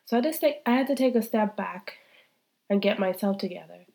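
A woman's voice: medium pitch, lively intonation, brisk, vocal fry, warm tone. A woman in her thirties hosting a faith-based podcast, speaking candidly and heartfelt, still congested from a cold. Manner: heartfelt, repetitive, talks straight to listeners. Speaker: podcast host.

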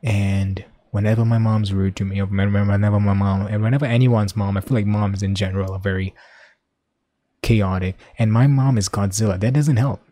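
A young man hosting a casual solo podcast, rambling and swearing, dropping to mumbles and then bursting out loud. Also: fairly low pitch, fairly even intonation, fairly quick. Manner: rambling, profane, swings between mumbling and loud outbursts. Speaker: podcast host.

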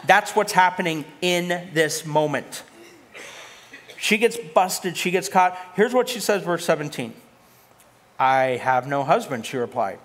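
A man's voice: high-pitched, expressive, unhurried, fairly bright tone. A man preaching a sermon as a pastor, talking conversationally to the congregation and mixing in humorous asides.

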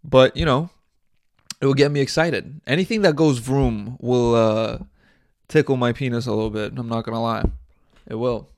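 A man's voice: medium pitch, normal speed, no room sound, studio quality. A young man hosting his own podcast, talking casually in a crude, joking, rambling way with bursts of mock outrage. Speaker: podcast host. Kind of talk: casual solo podcast monologue. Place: small indoor set.

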